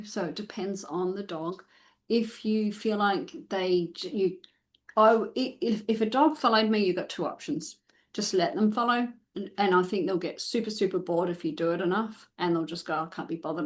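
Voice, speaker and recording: A woman's voice: mid-range voice, normal speed. Woman giving step-by-step dog training advice. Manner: step-by-step instructive, many restarts and fillers. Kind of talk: live Q&A advice.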